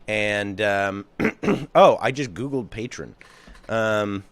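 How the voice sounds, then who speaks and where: A man's voice: on the low side, slow, dry recording. A man hosting a horror film podcast, jokey and rambling, chatting casually and putting on silly voices now and then. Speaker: podcast host.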